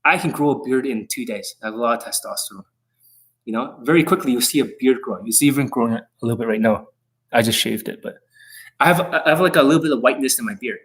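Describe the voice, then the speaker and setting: A man's voice: medium pitch, quick pace, fairly bright tone. A middle-aged man, a dating coach, talking on a live stream in an intense, rambling, profane way that can come across as angry.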